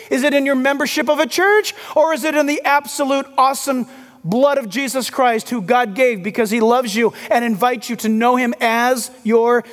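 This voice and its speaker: A man with a strikingly high voice preaches in a church sanctuary, his words trailing off into a long reverb. He delivers the sermon animatedly and acts out the voices of the people in the story. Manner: animated preaching, acting out the voices of biblical figures. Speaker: pastor.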